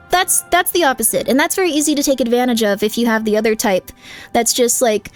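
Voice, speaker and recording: Woman streamer w a high voice just rambling advice to chat, lots of "like", quiet music in the back. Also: fairly quick. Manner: rambling, candid advice full of "like", reacting to chat. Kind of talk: casual chat with viewers during a live game stream.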